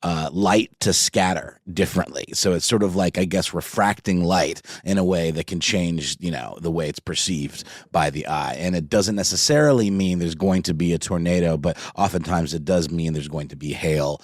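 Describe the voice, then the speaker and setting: A man's voice: sits low, moderate pace, hardly any pauses, dry recording, clean studio sound. A man co-hosting a podcast in a laid-back, rambling way, full of "you know" and "like.". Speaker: podcast co-host. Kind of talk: casual podcast chat.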